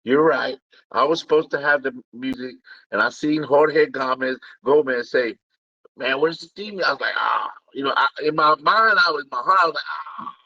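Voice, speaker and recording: A man's voice: mid-range voice, a little fast, no echo. A man co-hosting a casual show, laid-back and placating, rambling with restarts. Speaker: co-host. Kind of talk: casual podcast banter. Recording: dry, dull lo-fi sound.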